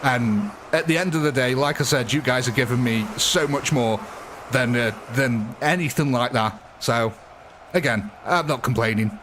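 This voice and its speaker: A man's voice: mid-range voice, normal speed, background noise. A man chatting casually on a live gaming stream, rambling and laughing often.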